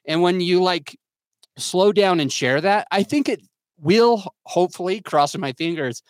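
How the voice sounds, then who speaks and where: A man's voice: high-pitched, lively intonation, a little slow, dry recording. A young adult man talking candidly as a podcast guest, earnest and self-critical, often restarting his sentences as he searches for words. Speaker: podcast guest, entrepreneur and father. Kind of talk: candid reflective podcast talk.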